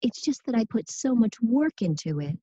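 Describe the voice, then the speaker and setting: A woman's voice: a little high, big pitch swings, moderate pace, warm tone, husky, dry recording, highs cut off. An actress playing a young female student asking her teacher for another chance, in a textbook listening dialogue. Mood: pleading.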